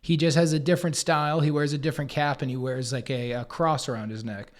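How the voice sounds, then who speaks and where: A comedian and podcast co-host, a man, telling anecdotes in an animated way and acting out other people's lines. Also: on the high side. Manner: acts out others' lines in quick put-on voices; swears casually, riffs fast.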